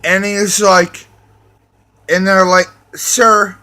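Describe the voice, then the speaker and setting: A man's voice: high voice, takes it slowly, sharp tone. A man telling a crude, swear-filled story in a rambling way, restarting and repeating himself. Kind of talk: profane storytelling rant.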